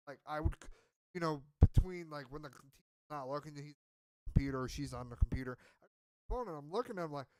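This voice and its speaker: Male podcaster, casual profane storyteller, a bit high-voiced, dry close sound. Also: animated, quick pace, no echo. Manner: profane, rambling, self-mocking. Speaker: podcast co-host.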